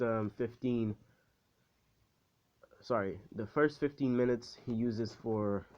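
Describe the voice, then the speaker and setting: A low-voiced man with a darkish tone casually retells a fan story, rambling, swearing often and using plenty of fillers. The lo-fi recording is dull and dry.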